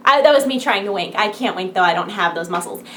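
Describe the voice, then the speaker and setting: A woman's voice: mid-range voice, lively intonation, quick pace, fairly bright tone, slight background noise. A woman vlogger chatting casually to her viewers, peppy and rambling with giggles, wired on coffee late at night. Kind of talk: casual chat to camera.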